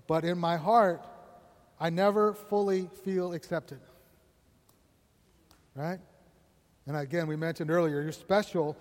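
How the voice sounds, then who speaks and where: A man's voice: sits high, long reverb tail. A man preaching a sermon in a conversational way. He keeps checking in with the congregation and laughs between points. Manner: conversational, asks the congregation "right?" often. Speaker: pastor.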